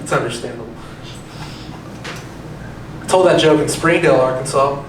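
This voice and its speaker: A man's voice: medium pitch, moderate pace. Young guy doing a self-deprecating standup bit, kinda far off the mic, crowd cracking up a lot. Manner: conversational, self-deprecating, asks the crowd questions. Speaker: stand-up comedian. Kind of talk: stand-up comedy set. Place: comedy club stage. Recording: echoey club heard from a distance, crowd laughing. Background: audience laughter.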